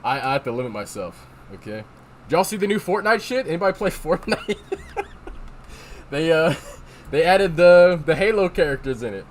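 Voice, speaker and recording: A man's voice: on the high side, big pitch swings, moderate pace, pauses often, a little hiss or hum. A man chatting casually on a livestream, rambling and swearing as he answers chat. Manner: rambling, profane, reads chat aloud. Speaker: streamer. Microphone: desk microphone.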